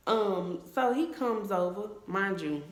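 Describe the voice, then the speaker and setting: A young woman telling a casual storytime vlog at home, chatty and animated as she talks to her viewers. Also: medium pitch, slow. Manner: chatty and animated, voices her friends' lines in quotes. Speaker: vlogger. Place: at home in a room, taking her hair down on camera. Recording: echoey room.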